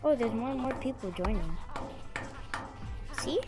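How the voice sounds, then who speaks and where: A woman's voice: fairly high pitch, expressive, a little slow, rough recording. Breathless woman whispering over game music. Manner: chatty, self-mocking, often drops to a whisper. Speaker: gaming video creator. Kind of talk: casual gameplay commentary. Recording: game music playing behind.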